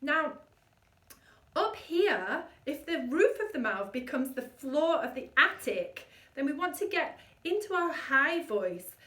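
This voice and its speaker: Energetic woman doing vocal warmups, swoopy lively voice, mic kinda far off. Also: high-pitched, echoey room. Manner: energetic, demonstrates exercises with vocal sounds. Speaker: voice coach. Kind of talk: vocal warm-up lesson.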